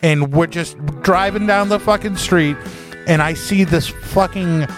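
A man co-hosting a podcast, telling crude animated stories with lots of swearing and laughter. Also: sits high, a little slow, music in the background. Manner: profane, animated storyteller, laughs often. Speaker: podcast co-host. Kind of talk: casual crude banter.

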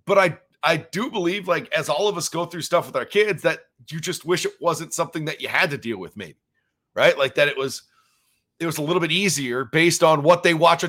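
A man in his thirties hosts a solo podcast with a bright, forceful voice that sits a little high for a man. He rambles casually, piling on fillers as he shares his take as a dad. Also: brisk. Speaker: podcast host. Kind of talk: solo reaction commentary.

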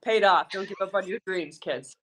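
A woman's voice: mid-range voice, fairly quick. A woman sports reporter as a podcast guest, joking and chatting casually. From South Africa, raised in Colorado. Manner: playful, self-mocking, chatty. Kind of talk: casual interview chat.

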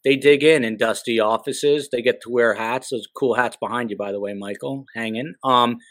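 A man's voice: mid-range voice, fairly even intonation, normal speed, a bit bright, dry recording, low-quality recording. A middle-aged man from New Jersey hosting a podcast in a casual, joking way with rambling asides. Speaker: podcast host.

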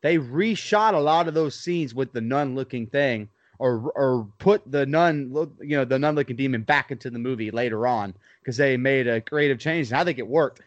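A man's voice: mid-range voice, moderate pace, few pauses, no echo, dull audio. A man co-hosting a casual podcast, blunt and opinionated, cursing freely as he shares trivia and takes. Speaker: podcast co-host. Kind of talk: casual chat.

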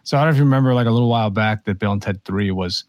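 A man's voice: lowish voice, rapid-fire, no echo. A man co-hosting a podcast, chatting casually and joking around with lots of fillers. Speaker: podcast co-host. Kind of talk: casual chat.

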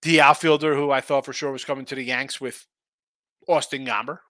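A man's voice: medium pitch, steady tone, fairly quick, bright, forceful tone, no room sound. A man hosting a sports betting show, talking casually and rambling through opinionated takes full of rhetorical questions.

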